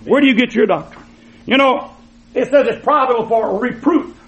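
An older man preaching a fiery, folksy sermon in a church, swinging from shouted lines to low asides. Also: normal speed. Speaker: pastor. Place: church sanctuary with congregation. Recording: muffled, echoey church recording with crowd.

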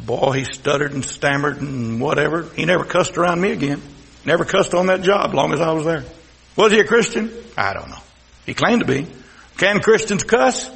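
Brief: Texas-accented male pastor, folksy sermon, high voice, long hall reverb. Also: animated, moderate pace, creaky. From South Texas. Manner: folksy preaching, swings from loud to hushed.

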